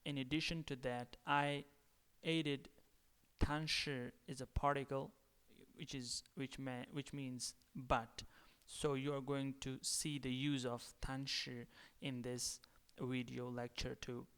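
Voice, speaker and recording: Man, language teacher, video lecture, repeats words, smooth, reverberant. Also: medium pitch, flat delivery, fairly bright tone. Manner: deliberate, repeats words several times. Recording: long reverb.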